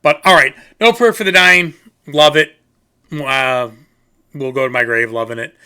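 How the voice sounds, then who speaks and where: A man's voice: medium pitch, fairly even intonation, measured pace, bright, forceful tone, clean tone. A man casually reviewing music on his channel, rambling and goofy, poking fun at himself. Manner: rambling, goofy, self-mocking. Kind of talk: casual rambling video talk.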